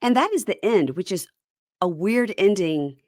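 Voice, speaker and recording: A woman's voice: mid-range voice, animated, normal speed, darkish tone, no echo, clean studio sound. A woman hosting a casual reality TV chat podcast, tossing in wry, jokey asides. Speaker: podcast host.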